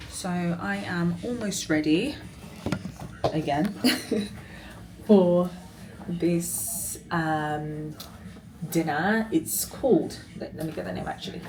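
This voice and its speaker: A woman's voice: on the low side, slow, pauses often, background noise. A woman chatting casually to her vlog camera, rambling through asides and laughing easily. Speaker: vlogger.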